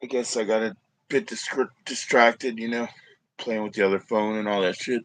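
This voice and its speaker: A man's voice: fairly low pitch, steady tone, normal speed, fairly bright tone, no echo. A man chatting loosely on his live stream, rambling and swearing as he talks to his viewers and fights technical trouble. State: coughing at times. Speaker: livestreamer. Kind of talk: casual live stream chat.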